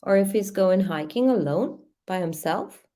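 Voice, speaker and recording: A woman's voice: mid-range voice, animated, unhurried, mellow. A woman hosting a true crime channel, reading a case timeline aloud and adding hesitant comments with many fillers.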